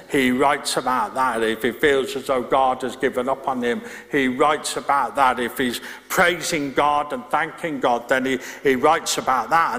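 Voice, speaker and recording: A middle-aged male pastor preaches conversationally in a mid-range, fairly bright voice, pausing to restart and to address the congregation with asides. The sound reflects a reverberant church hall.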